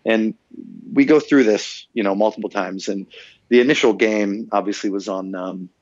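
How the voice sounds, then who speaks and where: A middle-aged man, a guest in an interview, telling animated anecdotes and acting out the voices of people in them. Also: on the low side, normal speed, no echo. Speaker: guest, former game localizer and voice actor. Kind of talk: casual storytelling interview. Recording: dull, slightly muffled dry sound.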